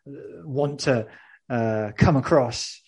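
A man hosting a casual interview, talking in a relaxed way and often pausing with um and yeah. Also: mid-range voice, vocal fry, husky. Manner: relaxed, many fillers like um and yeah. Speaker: host.

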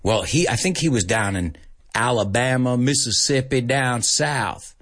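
A male radio host giving a casual English lesson on air, chatty and animated, dropping in Spanish asides. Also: mid-range voice, unhurried.

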